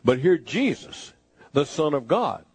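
Husky-voiced preacher man, dry sound. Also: fairly high pitch, big pitch swings, a little slow, no room sound. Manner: preaches in a voice-of-Jesus first person, swinging between hushed and emphatic. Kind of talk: sermon.

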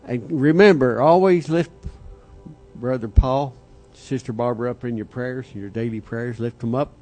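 A man's voice: mid-range voice, moderate pace, dark tone. Male church leader, fervent prayer, faint music behind him. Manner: fervent, repeating "Father God". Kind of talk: closing prayer.

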